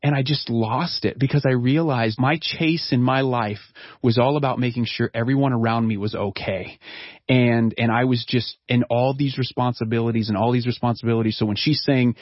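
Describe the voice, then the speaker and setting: A middle-aged man, a counselor, telling a personal story in an interview in an earnest, reflective way with halting restarts. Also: medium pitch, fairly even intonation, dry recording, dull audio. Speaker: counselor and guest.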